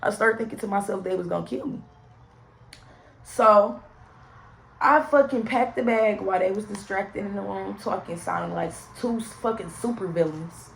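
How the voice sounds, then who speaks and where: A young woman with a creaky, gravelly edge tells a personal story, talking straight to her viewers and swearing freely. She stays in a middle pitch and keeps an animated storytelling delivery. Faint noise sits under the voice. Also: moderate pace, low-quality recording. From St. Louis area, USA. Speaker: vlogger. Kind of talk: storytime vlog.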